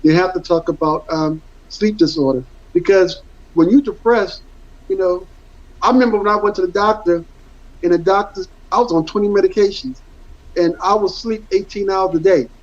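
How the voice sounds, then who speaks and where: A man's voice: sits high, moderate pace. A middle-aged man, telling his story in a candid interview, earnest and rambling, repeating words for emphasis. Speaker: interview guest, former football player. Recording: dull lo-fi audio.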